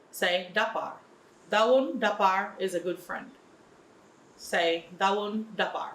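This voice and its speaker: A woman's voice: medium pitch, fairly bright tone. Female language teacher, patient repetition drills, roomy echoing sound. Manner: patient, repeats each phrase for learners. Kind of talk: slow instructional drilling.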